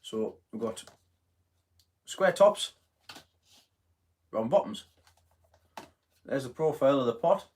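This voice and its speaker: A middle-aged man talks through a relaxed live stream at a medium pitch. He rambles along easily, often stops to correct himself, and leans on plenty of ums and uhs. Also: normal speed, long pauses. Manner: rambling, chatty, full of self-corrections and fillers. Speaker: host of a live gardening stream. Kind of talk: casual live-stream chat.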